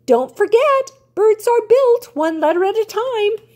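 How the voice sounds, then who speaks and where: A woman voicing a cheerful little female yellow bird who acts as a teacher, with excited, chirping delivery. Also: extremely high pitch, moderate pace, pitched above the performer's own voice, heavily acted. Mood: delighted.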